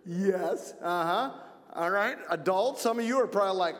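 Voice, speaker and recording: A man from Wisconsin giving an energetic children's message in church, playful and repeating himself to keep the kids with him. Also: sits high, moderate pace. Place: church sanctuary. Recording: long church reverb.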